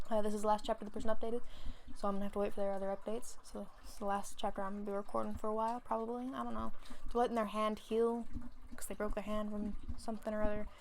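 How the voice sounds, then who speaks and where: A woman's voice: mid-range voice, little pitch movement, fast talker, slight background noise. A woman who chats in a rambling way and laughs often, sounding out of breath, before reading a fan story aloud. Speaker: fanfiction reader. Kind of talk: casual chat, then reading a story aloud.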